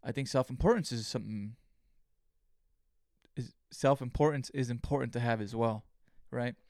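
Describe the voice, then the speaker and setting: A man's voice: medium pitch, normal speed, a little mellow, no room sound, clean studio sound. A man hosting a solo podcast, talking in a casual, rambling way with lots of swearing, fillers and restarts. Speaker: podcast host.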